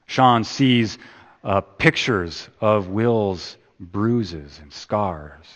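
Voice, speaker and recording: Slow, low-voiced preacher in a reverberant hall. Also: male voice, expressive. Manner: dramatic swings from loud emphasis to hushed repetition. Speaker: pastor. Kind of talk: sermon.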